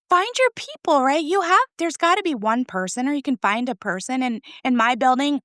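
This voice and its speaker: A woman's voice: high voice, expressive, normal speed, a bit bright, no echo, clean studio sound. A woman in her forties, a school librarian, chatting in an interview with enthusiasm, laughing often and tagging "right?" onto her points. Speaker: school librarian, podcast guest. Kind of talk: conversational interview.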